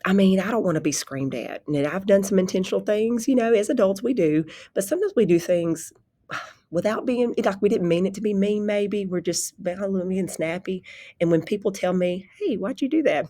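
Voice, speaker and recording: A woman who teaches pre-K, talking calmly and conversationally about her classroom, often backtracking and restarting sentences. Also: mid-range voice, normal speed, no room sound, clean studio sound. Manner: calm, conversational, rambling with restarts. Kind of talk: informal spoken presentation.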